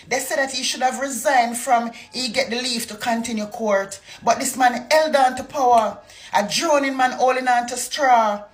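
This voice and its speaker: A woman from Jamaica with a Jamaican accent, delivering a fiery political rant full of rhetorical questions. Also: fairly high pitch. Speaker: political commentator.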